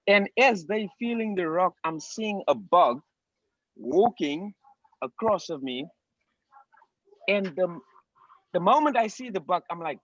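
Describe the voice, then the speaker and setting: A man from South Africa with a South African accent telling an excited, profane story on a video call, laughing often. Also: sits high, unhurried, no room sound, dull audio. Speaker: participant.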